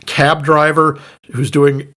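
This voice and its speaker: A man co-hosting a podcast in casual movie chat, enthusiastic and quick to laugh while sharing trivia. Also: fairly high pitch, level tone, pushed and bright. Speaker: podcast co-host.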